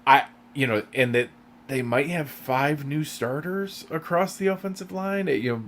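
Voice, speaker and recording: A man's voice: on the high side, moderate pace, fairly bright tone. Rambling male sports podcast co-host. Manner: rambling, hesitant with many restarts. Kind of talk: casual sports chat.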